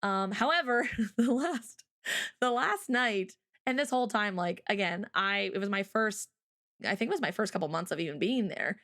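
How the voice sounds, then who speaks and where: This streamer's medium-pitched voice is animated and a bit bright, moving at normal speed as she tells a story while hosting a livestream. She speaks chattily with plenty of "like" and "um," often picks up speed, and re-enacts things she once said.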